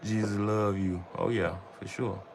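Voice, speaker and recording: A man's voice: fairly low pitch, little pitch movement, measured pace, vocal fry, darkish tone, a little hiss or hum. A man chatting casually on his livestream in loose slang, rambling and often tossing in "bro" and "you know what I'm saying". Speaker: vlogger on a livestream.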